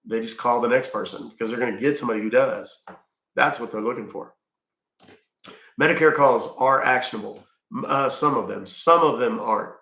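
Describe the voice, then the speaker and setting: A middle-aged man with a gravelly, fry-edged voice talks casually on a livestream. He reads questions from chat and answers them bluntly, dropping dry jokes along the way. The sound is roomy, with a noticeable echo off the walls. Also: medium pitch, brisk, bright, forceful tone. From Texas.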